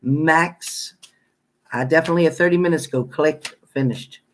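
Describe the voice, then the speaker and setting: Speaking at normal speed in a medium pitch, a tarot reader chats with viewers on a live stream. Blunt and talkative, this reader welcomes people by name and keeps up laughing, playful banter.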